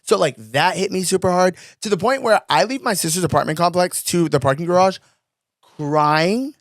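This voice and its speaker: A young man co-hosts a casual podcast, telling stories in a rambling, animated way, with "like" dropped into nearly every phrase. His voice sits fairly high for a man, and the recording is dry and close. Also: moderate pace, no echo. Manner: animated, rambling, many "like" fillers. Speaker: podcast co-host. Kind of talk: casual storytelling chat.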